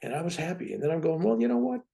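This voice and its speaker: A man in his seventies, a guest on a talk show, telling his own story in a lively way and often asking "right?". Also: on the high side, rapid-fire, creaky. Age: 70s. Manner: lively, keeps tagging "right?" onto his points. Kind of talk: animated personal storytelling.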